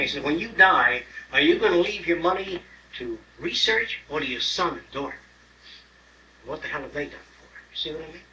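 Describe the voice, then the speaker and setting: Older male lecturer, bright, edgy voice, picked up from across a roomy hall with faint hiss. Blunt and salty. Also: fairly high pitch. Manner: blunt, profane, acts out other people's voices. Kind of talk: informal lecture to an audience. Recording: roomy, distant mic, faint hiss on an old tape.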